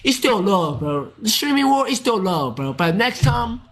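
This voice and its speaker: A man's voice: sits high, sing-song, fairly bright tone. A man with a Mandarin Chinese accent, rambling and repeating himself in a streamed apology. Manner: rambling, repetitive, halting. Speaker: streamer in a played clip.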